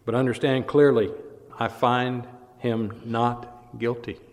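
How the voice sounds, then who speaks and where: A preacher voicing an insistent Roman governor. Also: male voice, medium pitch, flat delivery, slow pace. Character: Roman governor, male, middle-aged, insistent. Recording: long hall reverb.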